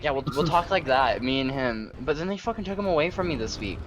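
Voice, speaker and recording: A man's voice: fairly high pitch, lively intonation, quick pace, crowd noise. A young man telling casual, profanity-laced stories while gaming with friends. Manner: laid-back, profane storytelling. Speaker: streamer playing with friends.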